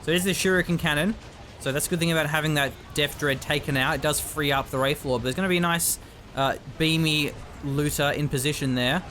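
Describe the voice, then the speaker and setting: A man's voice: fairly high pitch, fairly even intonation, quick pace, sharp tone, slight background noise. A man commentating a strategy video game in a casual, chatty way, often trailing off and restarting.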